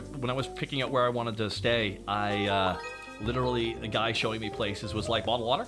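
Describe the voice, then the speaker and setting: A man streaming, chatting casually and excitedly, swearing freely as he reacts. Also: fairly low pitch.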